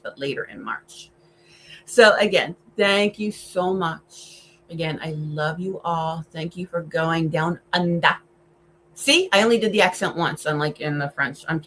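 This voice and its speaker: A woman with a low, deep-set voice talks through horror films in casual commentary. She is enthusiastic and emphatic, leaning hard on key words and then dropping into hushed asides. A faint hiss of background noise sits under her voice. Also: rough recording. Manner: enthusiastic, emphatic, shifts between loud and hushed. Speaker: horror film vlogger.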